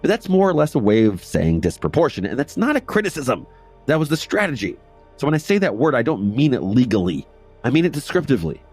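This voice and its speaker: A man's voice: mid-range voice, very animated, quick pace, a little mellow, slightly rough, faint music behind. A man hosting a history podcast, narrating a script with casual asides and repeating phrases for emphasis.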